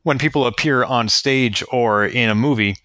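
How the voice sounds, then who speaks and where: Bright-voiced man asking questions. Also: medium pitch, normal speed, no room sound, clean studio sound. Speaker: interviewer. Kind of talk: interview questions.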